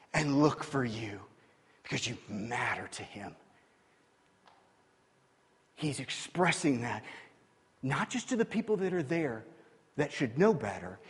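A man preaching a sermon as pastor, telling stories with animated swings from hushed to loud. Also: on the high side, long reverb tail.

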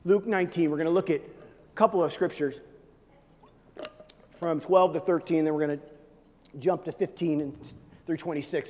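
Fervent high-voiced male preacher in a reverberant hall. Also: moderate pace, pauses often. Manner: fervent preaching, swinging between loud peaks and soft low asides. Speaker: pastor. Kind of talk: sermon. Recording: long reverb of a large hall.

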